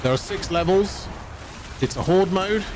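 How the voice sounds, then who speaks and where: A man's voice: high-pitched, measured pace, background noise. A man streaming a video game live, chatting casually in a rambling way and laughing at himself. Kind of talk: casual live-stream chat while gaming.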